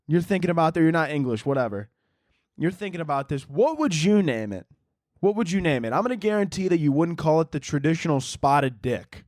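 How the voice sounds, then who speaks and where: A young man hosts a solo podcast in a fairly high voice, ranting casually, rambling and joking crudely, often laughing at his own bits. He slips into mock posh voices for imagined waiters. The sound is clean studio quality with no room sound.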